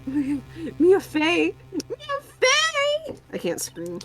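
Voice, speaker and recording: Woman playing a spiteful villain spirit, very high. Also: wildly swooping pitch, drawn-out words, a bit bright, faint music behind, exaggerated voice. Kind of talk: reading game dialogue aloud.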